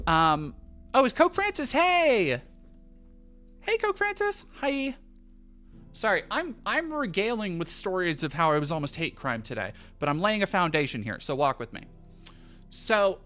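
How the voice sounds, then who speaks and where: A young man on a livestream, telling a rambling, profane story in a casual, animated way. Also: fairly high pitch, moderate pace, faint music behind. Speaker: streamer.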